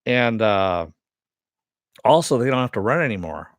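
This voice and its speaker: A man's voice: mid-range voice, very animated, moderate pace, no echo. A man casually recapping a TV episode, rambling along with lots of fillers. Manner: rambling, many "you know" and "uh" fillers. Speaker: TV episode reviewer.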